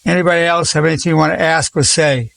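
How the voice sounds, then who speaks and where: Fast-talking and steady, this man in his 80s has a slightly high, fairly bright voice with vocal fry. He's a psychologist running an encouraging group session, gushing and praising again and again.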